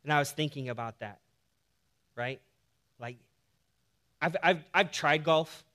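A male pastor preaching a sermon in a casual, animated way, mixing humor with scripture. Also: a little high, unhurried.

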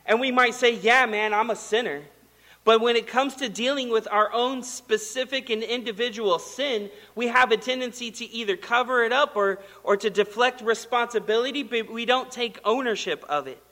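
A man delivers a sermon in a loose, conversational way, telling stories with lively flair. His voice sits high and sounds bright. Long reverb trails each phrase, as in a large hall. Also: moderate pace, hardly any pauses. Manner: conversational, animated storytelling with acted quotes. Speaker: pastor.

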